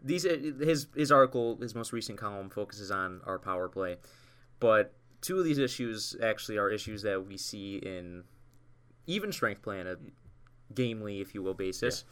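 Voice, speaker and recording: A man with a bright, fairly low voice, co-hosting a casual sports chat. He rambles easily and restarts his sentences. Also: expressive, normal speed, clean tone. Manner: rambling, self-correcting, easygoing. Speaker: podcast co-host.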